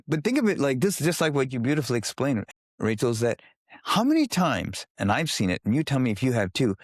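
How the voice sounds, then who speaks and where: A man, a guest on an interview podcast, explaining his work with lively storytelling and acting out what people say. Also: mid-range voice, dry recording, studio quality. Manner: animated storytelling, acting out quoted voices.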